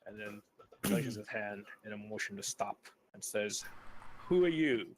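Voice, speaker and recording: A man narrating as game master in a tabletop game, halting, with restarts. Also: on the low side, noisy background. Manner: halting, with restarts and throat-clearing.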